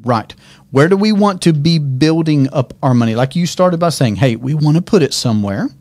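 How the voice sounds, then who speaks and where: A middle-aged man talks through an explanation in an office, his voice carrying a gravelly rasp. He teaches steadily and keeps checking in with short questions. The sound is close and dry, with no room echo. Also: fairly high pitch, animated, moderate pace, a little mellow. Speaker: host and financial educator. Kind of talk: explanatory talk to camera.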